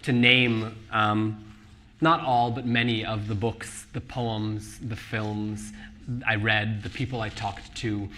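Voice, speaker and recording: Author at a live book talk: a man, bright and keen, laughs easily, restarts his sentences a lot. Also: lowish voice, slow, slight background noise. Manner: laughing, animated, many restarts. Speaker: author discussing his novel. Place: live event venue with audience.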